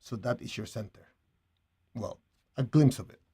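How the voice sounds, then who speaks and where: A man leading a guided meditation and spiritual teaching, speaking calmly and gently in a relaxed, conversational way. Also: medium pitch, breathy edge. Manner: calm, gentle, unhurried.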